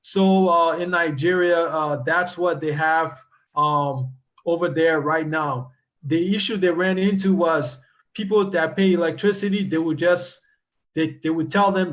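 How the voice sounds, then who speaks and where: A man on a talk show, reading viewer comments and answering them in an animated way, with a lot of restarts. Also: on the high side, unhurried, muffled recording. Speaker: guest expert.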